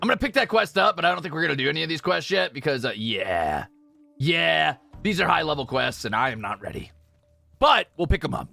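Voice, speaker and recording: European male streamer, animated and jokey, fairly high voice with a bit of fry. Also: brisk, soft background music. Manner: chatty, self-correcting, jokey. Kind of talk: casual gameplay stream chatter.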